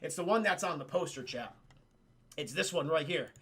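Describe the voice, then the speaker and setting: A man streaming a profane film recap to his chat, animated and acting out characters in goofy voices. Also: fairly high pitch, moderate pace, breathy edge.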